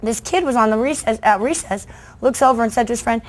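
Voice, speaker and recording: A middle-aged woman from the United States gives an animated storytelling talk, her voice sitting slightly high. She slips into the voices of children and adults as she goes, keeping the room with her. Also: quick pace. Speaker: children's book author giving a talk. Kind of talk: lively storytelling speech to an audience.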